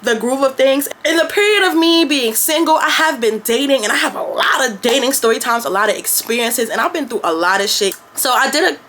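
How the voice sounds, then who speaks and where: A woman's voice: sits high, expressive, brisk, hardly any pauses, fairly bright tone, a little hiss or hum. A young woman vlogger from New York, talking candidly and with plenty of slang and swearing in a casual chat to her camera.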